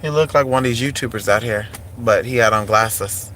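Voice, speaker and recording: A man's voice: mid-range voice, moderate pace, sharp tone. A man chatting sassily and animatedly while vlogging from his car. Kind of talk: casual car vlog. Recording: traffic noise behind. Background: road traffic.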